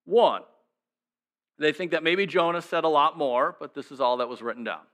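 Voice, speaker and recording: A man's voice: a little high, normal speed, fairly bright tone. A male pastor preaching a sermon in a conversational way, asking the congregation many rhetorical questions.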